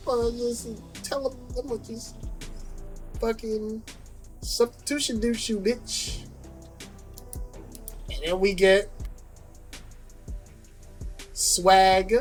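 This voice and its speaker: Excitable, profane male reactor. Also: high voice. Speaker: YouTube reaction host. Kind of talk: casual game trailer reaction commentary.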